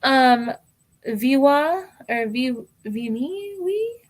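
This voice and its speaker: A woman's voice: high-pitched, animated, extremely slow. An American woman hosting a live tarot stream, reading viewer names aloud, often laughing and calling people hon. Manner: warm, apologetic, giggly, calls viewers hon.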